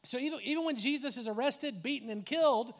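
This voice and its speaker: A man preaching a conversational sermon as a pastor, animated, with laughs, asides and acted-out quotes. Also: very high-pitched, fast talker. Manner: acts out quoted voices.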